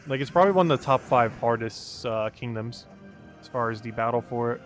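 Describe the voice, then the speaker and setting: A man's voice: mid-range voice, expressive, normal speed, faint music behind. A man streaming a game live, chatting casually, reading and greeting chat, and laughing often.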